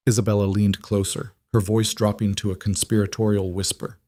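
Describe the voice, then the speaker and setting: Brief: male narrator, low voice, measured dramatic read, dry close recording. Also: fairly even intonation, darkish tone, dry recording. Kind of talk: scripted story narration.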